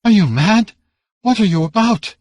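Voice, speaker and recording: A woman's voice: mid-range voice, lively intonation, moderate pace, a little mellow, dry recording, voice pushed up, lightly acted. A man voicing a frantic young noblewoman. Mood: outraged pleading. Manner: crying out in outrage. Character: young noblewoman, desperate, furious, pleading.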